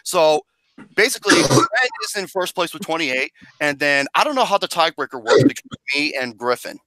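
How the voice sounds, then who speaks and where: A man hosting a movie podcast, talking loudly in crude, excitable, joking banter. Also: on the high side, no echo, poor audio. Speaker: podcast host. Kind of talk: casual chat.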